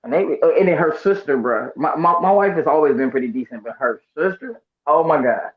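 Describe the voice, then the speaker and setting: Animated man on a muffled line. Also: fairly high pitch, brisk. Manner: animated, mimics voices when quoting people. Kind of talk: casual chat. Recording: muffled lo-fi remote audio.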